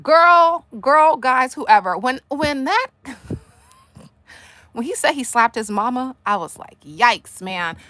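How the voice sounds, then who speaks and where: A woman hosting a casual commentary livestream, animated and sassy, tossing asides straight at the people she discusses. Her voice sits fairly high. The sound is dry and close, with no room around it. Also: measured pace, long pauses, dry recording. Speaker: livestream host.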